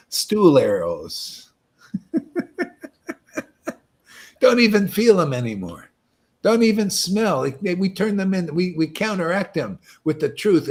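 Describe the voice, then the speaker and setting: A man with a husky, slightly breathy voice leads a meditation talk, swinging his pitch widely as he jokes. He rambles casually and often breaks into laughter at his own lines. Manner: loose, joking and rambling, with frequent "man" and "you know". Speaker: spiritual teacher leading a meditation session. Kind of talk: casual spiritual talk on a livestream.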